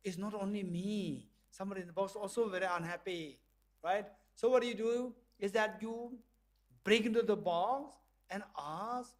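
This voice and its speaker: A man's voice: high-pitched, moderate pace. A man lecturing and leading a group exercise, acting out little dialogues and laughing often. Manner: playful, acts out dialogue in small voices and laughs often. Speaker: visiting professor lecturing. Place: lecture hall.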